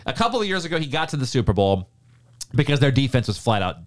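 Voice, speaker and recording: Fast-talking animated man giving football picks. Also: mid-range voice. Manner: animated, confident predictions. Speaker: podcast co-host. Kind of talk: casual sports talk.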